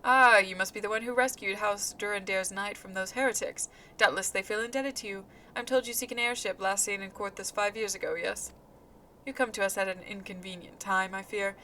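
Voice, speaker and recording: A woman reading out a smooth, ominous male inquisitor in her own plain voice. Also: medium pitch, fairly even intonation, bright, forceful tone, slight background noise, close to an everyday voice, rough recording. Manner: measured, cautioning, plain reading voice.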